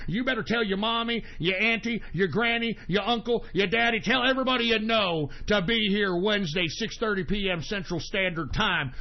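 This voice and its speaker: A man with a high, gravelly, husky voice rants as an internet radio host, cursing nonstop and lurching between screaming fits and sour low mutters. He sounds agitated and a few beers in. The stream audio is dull and lo-fi. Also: moderate pace, few pauses. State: drinking beer, agitated. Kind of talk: angry profane on-air rant.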